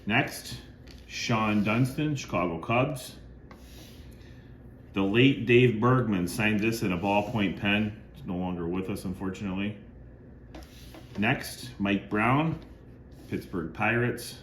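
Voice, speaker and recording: A man's voice: fairly low pitch, takes it slowly, pauses often. A middle-aged man who collects cards, hosting a casual show-and-tell video. He reads items off one by one in a plain, conversational way. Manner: lists items plainly, bursts into loud woohoo cheers. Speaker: card collector and channel host. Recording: echoey room with faint ambient noise.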